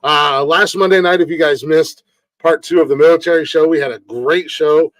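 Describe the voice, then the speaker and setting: A man hosts a casual comedy news podcast, relaxed and joking, with plenty of fillers. His voice sits a little high for a man and sounds dry and close, with no room around it. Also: normal speed, no echo, low-quality recording. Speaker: podcast host.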